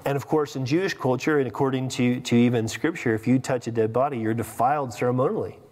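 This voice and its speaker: A man's voice: mid-range voice, fairly even intonation, fast talker, a little mellow, slight background noise. Preaching man in an echoing hall. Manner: emphatic preaching with rhetorical questions and repetitions. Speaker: pastor. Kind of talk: sermon. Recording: long reverb of a hall.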